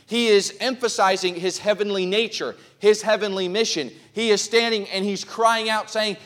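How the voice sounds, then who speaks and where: A pastor preaching to his congregation in a notably high male voice. He builds his sermon into loud, impassioned cries and stops to check that his listeners are keeping up. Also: moderate pace. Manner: asks the congregation questions. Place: church.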